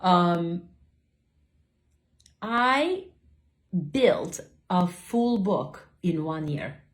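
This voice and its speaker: A woman speaks alone into her podcast mic, her voice sitting a little low. She tells her story like casual gossip, wandering off track and catching herself mid-sentence. She sounds middle-aged and at ease. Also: expressive, very slow. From Turkey. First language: Turkish. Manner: chatty, rambling with tangents and self-corrections. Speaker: host, beauty academy owner.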